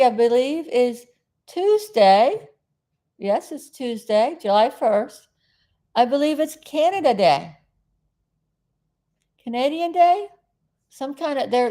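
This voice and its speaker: A middle-aged woman from South Florida hosts a casual live stream, chatting with viewers in a slow, meandering way. She drifts between thoughts, loses her train of thought and fills the gaps, her slightly high voice warm in tone.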